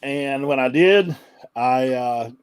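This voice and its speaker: A man's voice: medium pitch, slow pace, clean tone, no echo. A middle-aged man, a guest, telling a story in a chatty way and laughing through it. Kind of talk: casual storytelling.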